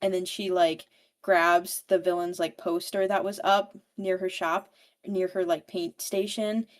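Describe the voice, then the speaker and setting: A woman's voice: fairly low pitch, level tone, measured pace. A woman giving a casual, chatty book recap, swearing freely and saying "like" constantly. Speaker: book podcast host or guest.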